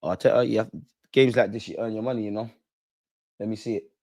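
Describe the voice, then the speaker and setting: A man's voice: fairly low pitch, fairly even intonation, fast talker, dark tone. A man reacting live to a football match, emotional and slangy. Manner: emotional, talks at players and referee on screen; casual slangy speech with swearing. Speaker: football watch-along host.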